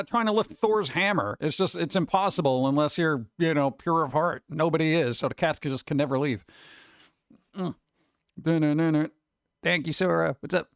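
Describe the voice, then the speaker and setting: A man's voice: a little high, no echo, studio quality. A man hosting a casual stream chat, rambling and mimicking gadget voices as he talks to his chat. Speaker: streamer host.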